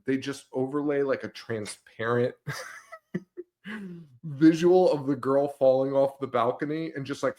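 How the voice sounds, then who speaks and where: A man's voice: mid-range voice, darkish tone. A man co-hosting a movie podcast in casual chat, joking and laughing often as he recaps scenes. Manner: joking, laughs often, acts out silly quotes. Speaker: podcast co-host.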